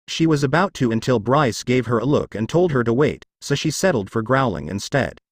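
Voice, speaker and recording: A man reads a fan-written story aloud, carrying narration and every character's lines in his own voice. His pitch moves a lot as he goes, and the sound is dry and close with no room around it. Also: lively intonation, brisk, husky, no room sound. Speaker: fanfiction reader.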